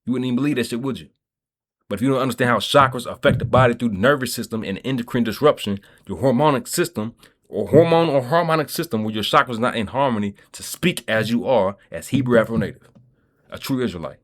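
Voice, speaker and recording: Talking fast in a mid-range voice, this vlogger from Kentucky rambles through a profane, streetwise monologue. He keeps asking his listeners "you feel me" to check in with them.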